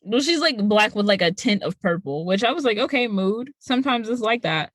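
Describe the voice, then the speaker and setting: A woman's voice: mid-range voice, fairly quick. A young woman co-hosting a podcast, recapping a cartoon in casual chat and briefly acting out the characters as she goes. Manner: animated storytelling, acting out characters in passing. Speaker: podcast co-host.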